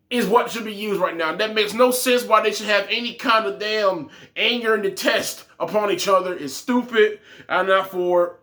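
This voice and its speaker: A man's voice: high-pitched, bright, forceful tone. A man hosting a casual wrestling review who rants bluntly with heavy cursing. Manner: blunt, profane, ranting. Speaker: wrestling podcast host.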